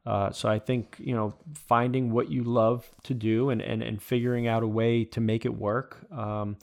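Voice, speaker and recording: A man with a gravelly, fry-edged voice answers interview questions as a baseball coach. He talks earnestly and repeats words while he works out his point. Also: mid-range voice, level tone, normal speed. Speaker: baseball coach and former player.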